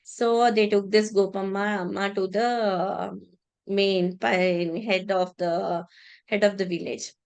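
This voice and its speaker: A woman telling a devotional story in a religious class, halting with many restarts and repeated words. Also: medium pitch, flat delivery, gravelly, a little mellow, clear, resonant tone.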